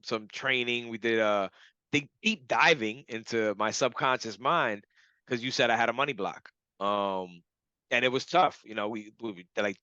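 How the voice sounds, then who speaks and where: A young adult man, a client of a hypnotherapist, telling a casual story with animated laughter and acted-out quotes. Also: mid-range voice, clean tone, no room sound, highs cut off.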